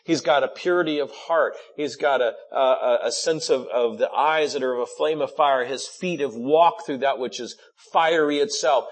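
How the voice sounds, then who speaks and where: A man's voice: medium pitch, moderate pace, few pauses. A man preaching a sermon, speaking animatedly and pushing his voice up in bursts of emphasis. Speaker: pastor.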